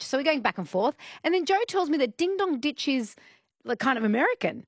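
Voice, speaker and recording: An Australian woman hosting a radio talk show, chatting and telling stories in an animated way. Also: sits high, a little fast, dry recording, studio quality. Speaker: radio host.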